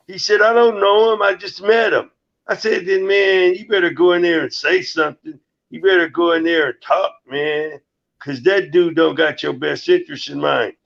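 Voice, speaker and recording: Gravelly man with lo-fi sound. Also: on the high side. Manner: storytelling, profane, re-enacting dialogue. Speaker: live stream co-host. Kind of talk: casual live-stream chat.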